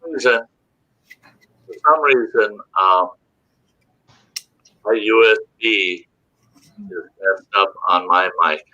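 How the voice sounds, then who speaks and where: A man hosting a casual live stream, talking haltingly as he troubleshoots, heard through his camera's built-in mic. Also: on the low side, pushed and bright, muffled recording. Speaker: show host.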